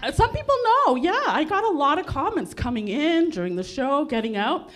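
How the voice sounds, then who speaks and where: A woman's voice: high-pitched, sing-song, normal speed, fairly bright tone. A woman doing a self-deprecating stand-up comedy set, laughing through her lines. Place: comedy club stage.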